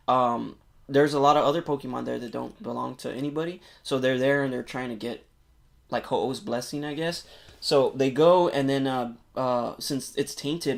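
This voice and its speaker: A man on a podcast excitedly retelling a movie plot in casual, rambling chat, full of filler words and swearing. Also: medium pitch, vocal fry. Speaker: podcast co-host.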